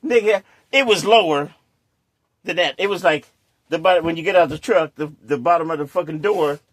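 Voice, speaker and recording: A man's voice: fairly high pitch, brisk. A man hosting a show, telling a raucous story full of swearing, laughing often and acting out the scenes. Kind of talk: casual anecdote telling.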